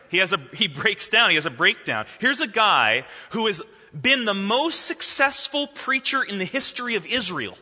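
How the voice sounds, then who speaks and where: A man preaching a sermon in a church, his voice fairly high and very bright. He reads scripture slowly and then expounds with lively, swooping emphasis. The sound carries a long reverb from the hall. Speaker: pastor.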